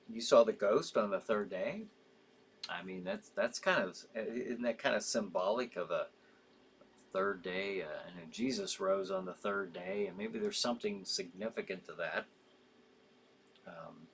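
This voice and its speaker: A man's voice: on the low side, slightly rough. A man hosting a live show in casual chat, reading out viewer comments with sympathy, rambling with frequent fillers and easy laughs.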